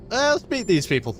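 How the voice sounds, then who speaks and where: A man streaming a video game, joking and sarcastic as he comments, with swearing. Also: sits high. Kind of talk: casual let's-play commentary.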